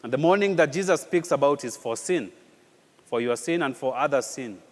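A man preaching a sermon in an animated way, with rhetorical questions and repeated phrases. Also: mid-range voice, normal speed, big-room sound. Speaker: pastor.

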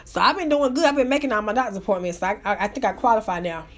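A woman live-streaming, telling a story as a loud, profane, animated rant. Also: mid-range voice, racing. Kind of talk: casual ranting storytelling.

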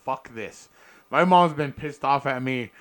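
A man's voice: mid-range voice, a little slow. A young man hosting a podcast, a stand-up comedian telling rambling stories and swearing often. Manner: profane, rambling storyteller. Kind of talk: casual chat.

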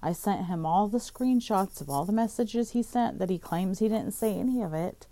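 Exasperated woman ranting with a mellow voice. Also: medium pitch, animated, normal speed, no room sound. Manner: profane, exasperated, heavy use of "like". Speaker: vlogger. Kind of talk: casual storytime rant.

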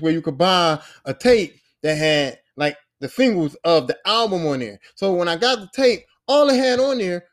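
A man hosting a podcast, telling a casual, profane story and acting out the voices of the people in it. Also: sits high. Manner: animated, profane, acts out voices in his stories. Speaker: podcast host.

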